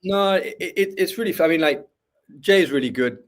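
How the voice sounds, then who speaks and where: A man's voice: a little high, animated, moderate pace. Hesitant male guest, stumbling over words. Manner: hesitant, repeats words and restarts often. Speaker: podcast guest. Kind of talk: casual interview chat.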